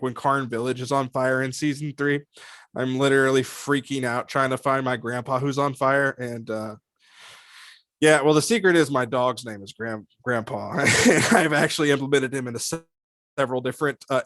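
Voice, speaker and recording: A man being interviewed about his voice work, talking in a lively, animated way, laughing often and slipping into character voices. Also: medium pitch, normal speed, dry recording, clean studio sound. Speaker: voice actor guest. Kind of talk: casual interview chat.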